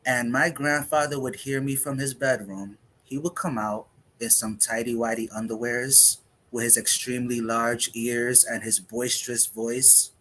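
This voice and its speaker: Man, spoken word poet, measured reflective delivery, mid-range voice. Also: mid-range voice, fairly even intonation, bright, forceful tone. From United States. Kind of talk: spoken word poetry performance.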